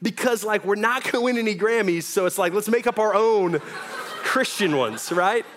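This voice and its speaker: A man's voice: sits high, expressive, normal speed, fairly bright tone, slight background noise. A young man preaching a sermon in a church, casual and joking, often asking "right?". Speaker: pastor. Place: church hall with audience.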